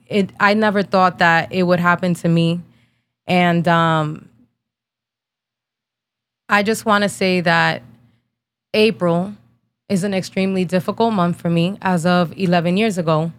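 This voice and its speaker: A woman in her thirties, from New Jersey, tells a painful personal story on her podcast. Her voice sits a little low, and her telling is blunt and casual, full of slang and swearing. She is holding back tears as she talks. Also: steady tone, slow, long pauses. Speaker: podcast host.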